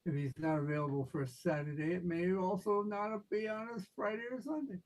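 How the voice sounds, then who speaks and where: Guy asking a bunch of questions, voice a bit on the high side. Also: fairly even intonation, a little fast. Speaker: tabletop game player. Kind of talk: casual scheduling chat.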